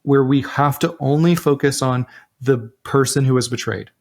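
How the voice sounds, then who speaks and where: A man's voice: mid-range voice, normal speed, a little mellow. A man co-hosting a relationship advice talk, speaking earnestly and often restarting his sentences. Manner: earnest, with frequent restarts and repeated words. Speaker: relationship podcast co-host. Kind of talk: casual advice chat.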